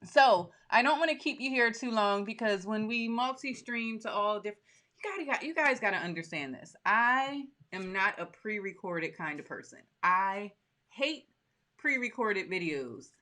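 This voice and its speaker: A woman's voice: mid-range voice, expressive, moderate pace, bright, forceful tone. A woman who makes soap, hosting a live stream in an upbeat, chatty way and greeting viewers by name. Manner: chatty, upbeat, talks straight to her audience.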